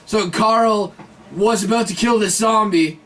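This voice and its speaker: A man's voice: high voice, unhurried, fairly bright tone. A young man in casual podcast chat, rambling and swearing as he recaps scenes and acts out the characters' lines. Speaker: podcast host. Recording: roomy sound from a distant mic with faint hiss.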